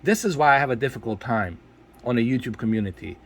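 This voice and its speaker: A man's voice: medium pitch, expressive, fast talker. A man scolding his viewers in a ranting video commentary, exasperated and repeating himself for emphasis. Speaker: tech video creator.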